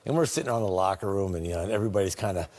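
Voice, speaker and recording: A man, a former teammate, telling animated anecdotes and laughing often as he quotes others. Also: deep voice, racing. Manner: laughing often, quoting others in different voices.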